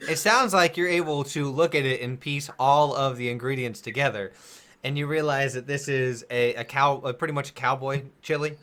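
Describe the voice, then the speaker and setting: A man's voice: mid-range voice, moderate pace, a bit bright. A man running a tabletop game as game master, describing scenes in a rambling way and laughing often.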